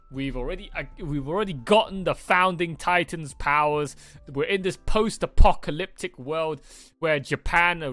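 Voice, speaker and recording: A man's voice: fairly high pitch, bright, forceful tone, dry recording. A British man hosting an anime reaction, talking in a rambling, sarcastic way and swearing often. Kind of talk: casual reaction commentary.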